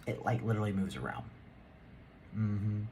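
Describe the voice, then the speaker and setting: Man, tarot reader, very deep voice, rambling and chuckling, faint hiss behind. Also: lively intonation, normal speed, dark tone. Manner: rambling, chuckling, muttering asides. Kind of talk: casual tarot reading.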